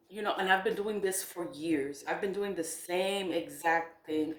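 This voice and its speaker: Middle-aged woman w a lowish voice, chatty spiritual vlog, swears a lot, roomy echo. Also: slight background noise. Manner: animated, swearing, laughs often. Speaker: spiritual product seller. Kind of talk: casual spiritual vlog talk.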